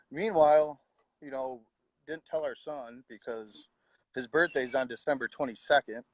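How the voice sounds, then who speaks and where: A middle-aged man, quietly telling his own story of losing his wife, with halting pauses and heartfelt words. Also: medium pitch, no echo. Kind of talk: personal storytelling.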